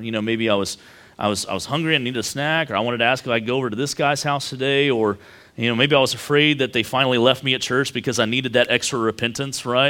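A man's voice: mid-range voice, fairly bright tone. Male pastor, thirties, chatty sermon delivery, keeps tagging lines with "right?". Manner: conversational, tags lines with "right?".

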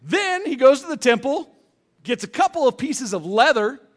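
Lively jokey preacher man, high-voiced. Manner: conversational, jokey, animated storytelling with quick voiced asides. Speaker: pastor. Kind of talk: humorous sermon. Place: church sanctuary.

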